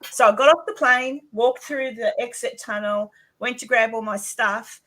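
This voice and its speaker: A woman's voice: fairly high pitch, moderate pace, pushed and bright. An Australian woman chatting casually on a livestream, laughing often and trailing off mid-sentence. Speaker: co-host of a paranormal livestream. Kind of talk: casual chat.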